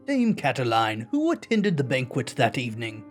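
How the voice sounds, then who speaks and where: A woman voicing a dignified, formal male bird lawyer in a lowered voice. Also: huge pitch swings, moderate pace, faint music behind, heavily acted. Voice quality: deep put-on voice.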